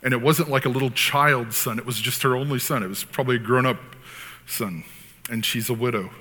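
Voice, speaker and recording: A man preaching a sermon as pastor, talking in an animated, conversational way with frequent asides. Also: medium pitch, a little fast. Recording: long hall reverb.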